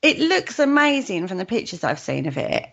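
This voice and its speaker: A woman's voice: medium pitch, big pitch swings, normal speed, gravelly, fairly bright tone. A British woman hosting a radio show, chatting cheerfully, giggling and poking fun at herself. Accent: British English. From United Kingdom. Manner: cheerful, giggly, self-deprecating. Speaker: host. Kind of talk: casual radio chat. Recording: slightly muffled sound.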